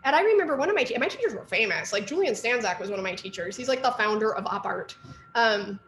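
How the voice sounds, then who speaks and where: A woman's voice: fairly high pitch, animated, fast, a bit bright, roomy sound, a little hiss or hum. A middle-aged woman, an artist and art teacher, giving a casual lecture with lots of asides and fillers. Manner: chatty storytelling with fillers and asides.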